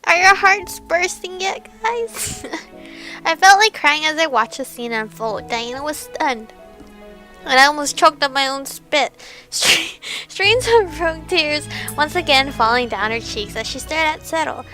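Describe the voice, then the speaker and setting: A woman's voice: sits high, moderate pace, pushed and bright, faint music behind. A young woman hosting a let's play, reading a romance game aloud and gushing with giggly, emotional reactions.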